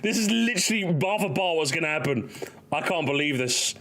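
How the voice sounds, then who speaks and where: A man's voice: on the high side, expressive, a little fast, fairly bright tone. A man casually reacting to memes, laughing often, swearing and acting out little bits.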